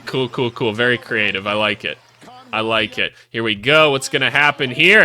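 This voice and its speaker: A man calling out basketball clips in a casual, excitable way, joking and cheering plays as he watches. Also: mid-range voice, moderate pace. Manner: excitable, jokey, voices players in asides. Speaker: basketball analyst. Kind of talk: casual video commentary over game clips.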